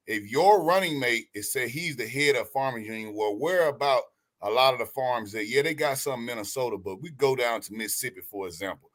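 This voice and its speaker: Bright-voiced man in casual chat. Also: medium pitch, animated, normal speed. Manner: loose, restarting phrases. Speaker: guest on call.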